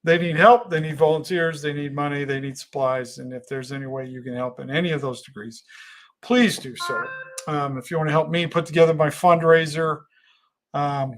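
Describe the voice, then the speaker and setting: A man hosting a casual livestream, reading viewer comments aloud and talking in an earnest, halting way with frequent restarts. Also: fairly high pitch, steady tone, soft background music. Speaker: livestream host.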